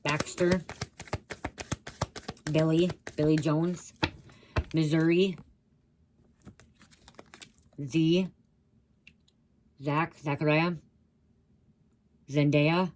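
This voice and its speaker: A woman's voice: deep voice, steady tone, drawn-out words, long pauses, noisy background. A woman giving a rambling channeled psychic reading, blurting out words she hears and swearing casually. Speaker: psychic reader.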